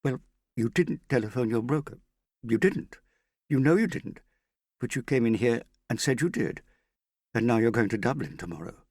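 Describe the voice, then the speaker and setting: A man's voice: medium pitch, animated, normal speed, long pauses, a little mellow, no echo, voice pushed up. A man voicing an anxious young woman who confronts a man she suspects of lying, pleading and insistent, her voice rising and breaking. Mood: accusing.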